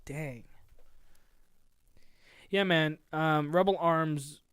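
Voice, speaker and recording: A man's voice: a little high, drawn-out words, clean tone, no echo, studio quality. A man co-hosting a casual music podcast, bantering and arguing about rap and reciting lyrics in rhythm. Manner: argumentative, animated, chuckles often. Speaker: podcast co-host.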